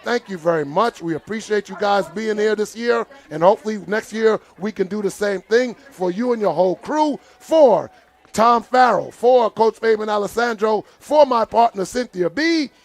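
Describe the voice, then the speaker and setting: A man's voice: sits high, expressive, moderate pace. A man calling a live football game as commentator, getting worked up and indignant as he talks to the field. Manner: exasperated, indignant, talks to the players. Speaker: play-by-play commentator.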